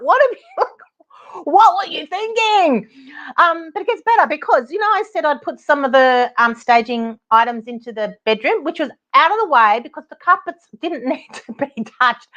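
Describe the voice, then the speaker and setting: A middle-aged Australian woman tells a story on her podcast, exasperated and animated, laughing often between lines. Her voice sits a little high and the audio sounds somewhat dull and lo-fi. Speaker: podcast host, property advocate. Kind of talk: casual storytelling monologue.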